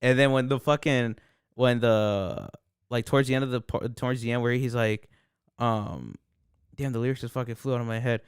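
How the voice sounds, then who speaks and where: A man's voice: mid-range voice, moderate pace, clean tone, no echo, studio quality. A man co-hosting a podcast in casual chat, joking and swearing as he talks. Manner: joking, swears, lively asides. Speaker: podcast co-host.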